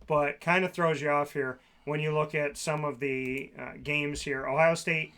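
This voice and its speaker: Sports talk co-host, man, sharp bright tone, slightly high pitch, sarcastic rants. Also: steady tone, moderate pace, clean tone. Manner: sarcastic, ranting.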